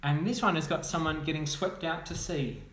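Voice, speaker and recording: A man, a children's author, reading his own picture book aloud with playful, animated commentary and sound effects. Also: on the high side, moderate pace. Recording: echoey room, faint noise.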